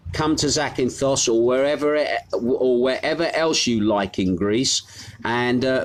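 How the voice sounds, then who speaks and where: A man hosts a live local news show from home. He speaks at a middling pitch, rambling along and often pausing on fillers. The talk is casual, like a chat with his listeners. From United Kingdom. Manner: rambling, halting with frequent fillers.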